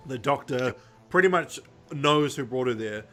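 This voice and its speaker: Bright-voiced man rambling through a recap. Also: mid-range voice, lively intonation, moderate pace. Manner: rambling, lots of ums, jokey retelling. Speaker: podcast co-host. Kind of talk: casual plot recap.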